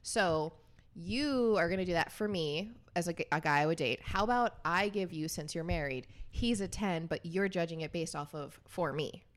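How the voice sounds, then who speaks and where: A woman's voice: fairly low pitch, normal speed. Chatty young woman hosting a podcast. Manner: chatty, laughs often. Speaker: podcast host. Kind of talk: casual chat.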